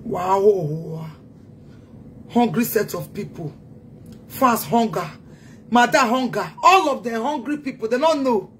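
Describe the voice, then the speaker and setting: A woman's voice: a little high, slow pace, long pauses, slight background noise. A woman with a Nigerian accent delivering a heated, taunting social media rant as a self-styled activist. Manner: taunting, scolding, emphatic.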